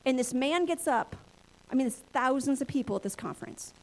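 Woman pastor in her thirties, bright high register, animated preacher who acts out her inner voices. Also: fairly quick. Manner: lively personal storytelling, acts out her own inner voices. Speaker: pastor and church planter. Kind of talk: sermon storytelling.

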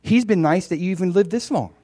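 A man's voice: high voice, fast talker, dry recording. Man preaching in a dry room. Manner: conversational preaching, swinging from quiet to loud and emphatic. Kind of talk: sermon.

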